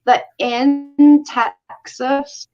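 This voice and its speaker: A woman's voice: sits high, steady tone, drawn-out words. A woman hosting a casual commentary stream, exasperated and emphatic, repeating her points. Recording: dull lo-fi stream audio.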